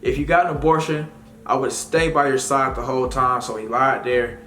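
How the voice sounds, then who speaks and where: A man's voice: medium pitch, little pitch movement, moderate pace, pushed and bright. A man giving casual commentary as a vlogger, rambling with slang and lots of fillers. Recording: echoey room with faint music.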